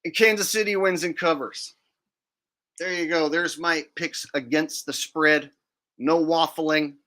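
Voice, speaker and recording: Brief: male livestream host, fairly high voice, bright and forceful, blunt and defiant with frequent swearing. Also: steady tone, unhurried. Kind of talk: casual livestream rant.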